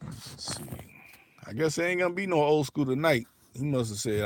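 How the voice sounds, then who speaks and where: Casual, profane livestream host. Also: male voice, a little high, lively intonation, moderate pace, dry recording. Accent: African American English. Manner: loose, profane, conversational with frequent restarts.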